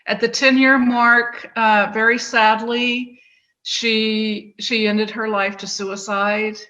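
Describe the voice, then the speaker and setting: A woman guest in an interview, speaking in a slow, halting way with many pauses and restarts. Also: fairly high pitch, level tone, pushed and bright, poor audio. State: tearful, voice breaking. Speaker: podcast guest. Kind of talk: emotional interview conversation.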